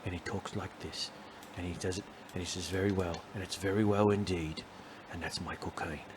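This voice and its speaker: A man putting on an impression of an older British male film star, low and slow with a self-important drawl. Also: fairly even intonation, background noise, lightly acted. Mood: mock-grand.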